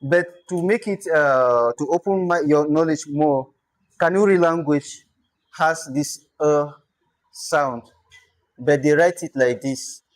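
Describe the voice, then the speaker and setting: A man with a Nigerian accent, a native Tyap speaker, patiently teaching a language lesson and pausing to repeat and demonstrate sounds. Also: fairly high pitch. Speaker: language instructor.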